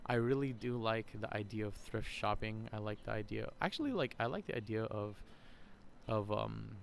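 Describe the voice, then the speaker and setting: A man with a fairly low voice talks in a loose, rambling way, chuckling between thoughts as he hosts his podcast. He's recorded outdoors at a shopping center, with faint ambient noise around him. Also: normal speed, vocal fry. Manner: rambling, chatty, laughs often. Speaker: podcast host. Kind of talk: casual vlog monologue.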